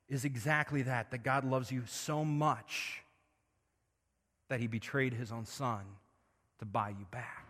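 A man preaching a sermon as pastor, moving between hushed, intimate passages and loud, impassioned swells. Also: medium pitch, fairly even intonation, a little slow, pauses often, long reverb tail.

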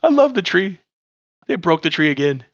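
A man co-hosting a podcast, talking quickly and excitably with strong opinions. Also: high-pitched, dry recording. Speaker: podcast co-host. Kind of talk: casual chat. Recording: dull dry lo-fi mic.

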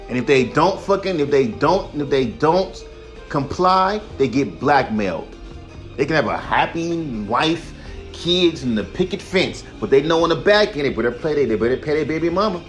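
A man's voice: a little high, animated, moderate pace, faint music behind. A young man hosting a solo podcast, ranting heatedly and profanely, sometimes mocking the people he criticizes in put-on voices. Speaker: podcast host.

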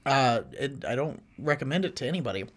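A man in casual chat, relaxed and laid-back, reacting with quick laughs. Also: medium pitch. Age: late 20s or older. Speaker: podcast co-host, tattoo artist.

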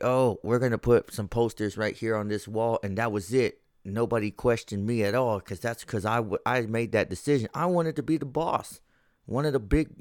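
A man with a lowish voice hosts a casual solo podcast from home, swearing heavily and ranting as he works himself up into a heated state. The recording is dry and of studio quality.

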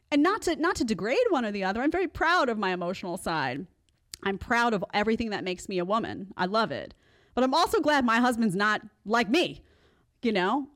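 A woman in her forties hosts a live show with a lively, swooping delivery. She talks back to clips with sarcasm and often slips into mocking voices. Her pitch sits mid-range for a woman. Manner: sarcastic, animated, mocks others in put-on voices. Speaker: host.

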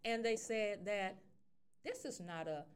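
A woman's voice: medium pitch, a little slow, clean tone. A middle-aged woman, telling a story in casual radio chat and acting out the quotes. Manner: animated storyteller, acts out quotes.

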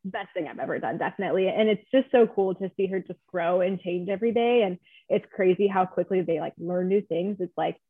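A woman's voice: lowish voice, brisk, slightly rough. A young woman, a new mother, talking candidly as an interview guest, chatty and full of "like" fillers. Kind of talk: casual interview chat. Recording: tinny phone-line sound.

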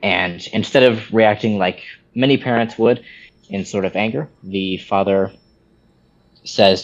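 A man's voice: fairly low pitch, unhurried, muffled recording. A man co-hosting a casual podcast, talking in a rambling way with many restarts. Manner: rambling, many restarts, animated when quoting. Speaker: podcast co-host.

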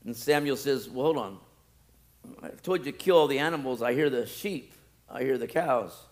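A male pastor preaching a sermon, animated, swinging from loud pleading to quiet, low asides. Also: normal speed.

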